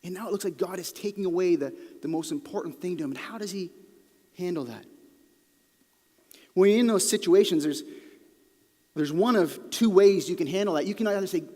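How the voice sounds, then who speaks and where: Guy preaching a sermon, earnest, gets quiet for emphasis, church hall reverb. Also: high-pitched, a little fast. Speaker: pastor. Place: church auditorium. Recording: long reverb of a large hall.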